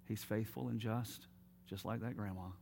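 A man preaching a sermon as pastor, telling stories and dropping to quiet, emphatic appeals. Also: fairly low pitch, steady tone, moderate pace, gravelly, slight background noise.

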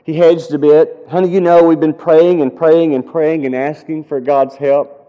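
Here a man preaching as a pastor earnestly tells a story before building to fervent, pleading prayers. His voice sits on the high side, his delivery is flat and his speed normal, and the audio is dull with long reverb like a hall.

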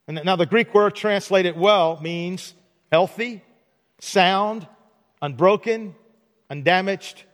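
A man preaching a sermon in a church, animated and acting out mock dialogues for laughs. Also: sits high. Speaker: pastor. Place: church sanctuary. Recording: long hall reverb.

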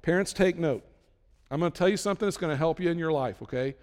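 A man preaching a conversational sermon as a pastor, emphatic, with sudden loud bursts. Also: on the high side, fast talker, in a large hall.

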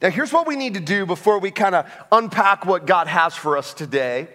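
A man's voice: high-pitched, animated, normal speed, sharp tone. A man preaching a sermon as pastor, in a conversational way with frequent restarts and asides. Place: church sanctuary. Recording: long hall reverb.

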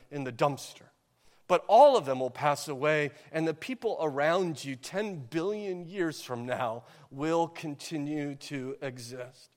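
Male pastor, earnest urgent sermon, slightly high voice, long church reverb. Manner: earnest, urgent preaching with rhetorical questions.

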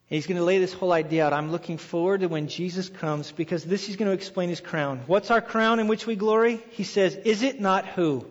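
A man preaching a sermon as pastor, telling stories in an animated way and acting out quoted voices. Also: high voice. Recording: dull reverberant hall sound.

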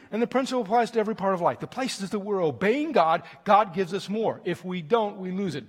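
A man preaching a sermon with stories, animated and emphatic, with fillers and restarts. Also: a little high. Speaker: visiting preacher from a mission group. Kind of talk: sermon with storytelling. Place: church sanctuary. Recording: long reverb of a large room.

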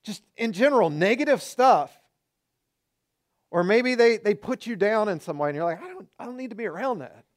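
A middle-aged man preaching a sermon as pastor, conversational and animated, acting out quoted remarks. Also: high-pitched, moderate pace.

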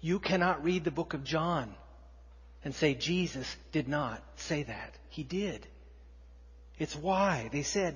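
A man preaching a sermon, reading scripture aloud with rising force and dropping to quiet emphasis. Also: on the high side, takes it slowly, slightly rough. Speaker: pastor. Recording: dull, muffled sound in a long-reverb hall.

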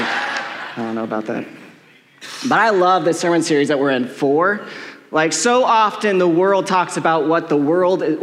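Middle-aged male pastor, high voice, chatty and joking sermon, echoey hall. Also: fairly bright tone, slight background noise. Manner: casual, joking, heavy use of "like". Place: church hall with long reverb. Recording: echoey church hall with long reverb.

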